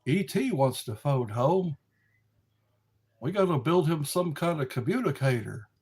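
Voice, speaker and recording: Male streamer, slightly high, husky, unhurried rambling chat to viewers. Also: animated, a little mellow. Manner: slow, meandering, talks to viewers. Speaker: livestream host. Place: dark room lit by a candle.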